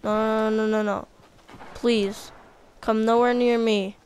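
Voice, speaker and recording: A woman giving casual, chatty commentary while playing a video game, easily excited by what she finds. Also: on the high side, takes it slowly, a little hiss or hum. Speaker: gaming video creator.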